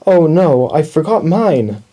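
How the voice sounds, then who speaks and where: A shy, kindly schoolboy from a children's storybook speaks in a raised voice, as a man acts him out. He mumbles a little and sounds friendly. The tone is mellow and slightly husky. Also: a little high, very animated, slow pace, pitched above the performer's own voice, heavily acted.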